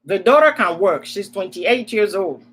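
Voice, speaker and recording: A woman's voice: mid-range voice, lively intonation, normal speed, husky, poor audio. A woman with an African accent, telling a personal story as a host in a casual chat, repeating words for emphasis.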